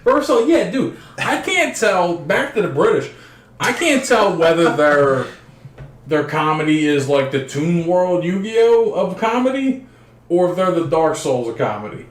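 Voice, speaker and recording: A man's voice: sits high, expressive, a little slow, recorded from a distance. A young man co-hosting a podcast, joking crudely and rambling with lots of fillers. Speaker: podcast co-host. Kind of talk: casual banter. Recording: roomy, faint background noise.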